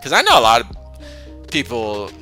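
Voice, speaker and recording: A man's voice: mid-range voice, huge pitch swings, moderate pace, pushed and bright, soft background music. A man hosting a casual philosophy talk, rambling with frequent restarts and chuckling often between points. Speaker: host of a philosophy discussion channel. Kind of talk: casual conversational monologue.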